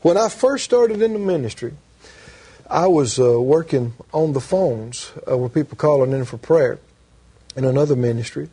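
Husky earnest male minister. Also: fairly high pitch, lively intonation, moderate pace, dark tone. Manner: earnest storyteller who repeats key phrases. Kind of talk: Christian teaching conversation.

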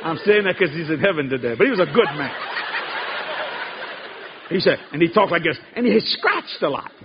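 A man's voice: fairly high pitch, lively intonation, brisk. A man telling comic church stories to a live crowd, laughing through his words in dialect. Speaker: preacher telling a story. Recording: live, dull sound, loud crowd and noise.

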